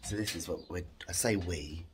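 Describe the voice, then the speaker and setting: A man's voice: low-pitched, normal speed, background noise. A man vlogging on a handheld phone around his house and garden, chatty and giggly, out of breath and tired. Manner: chatty, giggly, self-mocking about being shattered. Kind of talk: casual home vlog.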